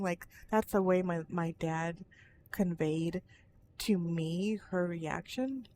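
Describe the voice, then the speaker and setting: A woman speaks frankly and unhurriedly in a personal vlog, her voice sitting a little low. She rambles, restarts her sentences and drifts into tangents. A faint hiss sits under her voice. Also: slow, dark tone. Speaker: vlogger.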